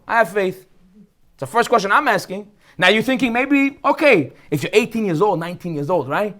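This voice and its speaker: Animated high-voiced rabbi with a Brooklyn accent. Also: male voice, fairly quick. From Brooklyn, United States. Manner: joking, full of rhetorical questions. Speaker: rabbi teaching a weekly class. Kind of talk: lively Torah class talk.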